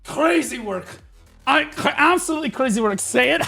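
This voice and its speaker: A man streaming live, casually telling stories to his chat and often breaking into loud, laughing outbursts. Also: extremely high pitch, animated, measured pace, creaky, breathy edge, faint music behind. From United States.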